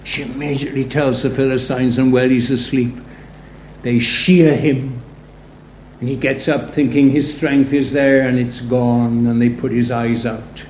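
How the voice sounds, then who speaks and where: A man's voice: medium pitch, flat delivery, unhurried, darkish tone. A man preaching a sermon in a conversational, storytelling way, full of rhetorical asides. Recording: roomy echo, faint background noise.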